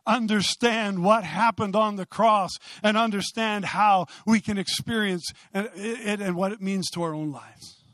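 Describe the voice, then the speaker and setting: A man preaches with fiery conviction, his voice sitting unusually high. He swells to loud exclamations and then pulls back. The sound is dry and close, with no room around it. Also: measured pace, no room sound. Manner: impassioned, rising to loud exclamations. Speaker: pastor. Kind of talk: sermon.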